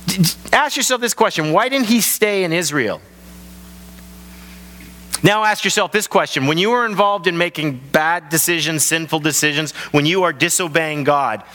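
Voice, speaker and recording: A man preaching a sermon as pastor of his church, telling the story in an animated way and acting out the voices. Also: sits high. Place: large church hall. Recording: long hall reverb.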